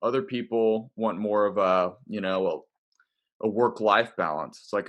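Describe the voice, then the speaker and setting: A man hosting a podcast, talking in a relaxed, conversational way and asking his guest questions. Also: on the low side, measured pace. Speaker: podcast host. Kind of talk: casual interview chat.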